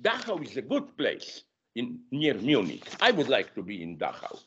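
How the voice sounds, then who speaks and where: A man giving a masterclass lecture, talking in an animated, digressive way and often correcting himself mid-sentence. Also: mid-range voice, moderate pace, a little hiss or hum. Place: university lecture room. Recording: dull lo-fi lecture recording.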